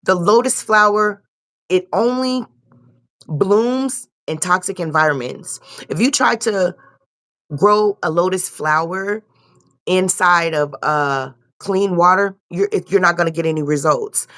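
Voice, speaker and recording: The tarot reading here is loose and casual, delivered by a young woman who keeps repeating herself and drops swear words freely. She has a fairly low, somewhat bright voice and a measured pace.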